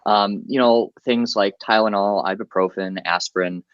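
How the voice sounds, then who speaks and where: A man's voice: on the low side, fairly even intonation, normal speed, clean tone, no echo. Man with a dull, lo-fi sound. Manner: practical, chatty, many fillers. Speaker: guest medic. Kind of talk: casual podcast interview.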